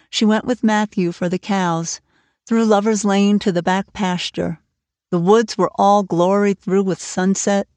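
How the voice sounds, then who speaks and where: A woman narrating a classic novel aloud in a steady, clear storytelling manner. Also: medium pitch, dry recording. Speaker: audiobook narrator. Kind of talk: scripted narration.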